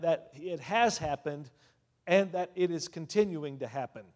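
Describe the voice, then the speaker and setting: In a big church hall with lingering reverb, a man preaches in a voice slightly higher than typical for a man. He drops to hushed near-murmurs, then surges into loud, emphatic declarations, punctuating his points with hallelujahs and amens.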